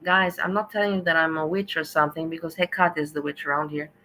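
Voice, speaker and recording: Woman streamer, sarcastic and rambling, a bit low with a bright edge. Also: steady tone, fast, slight background noise, poor audio. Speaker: stream host. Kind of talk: commentary.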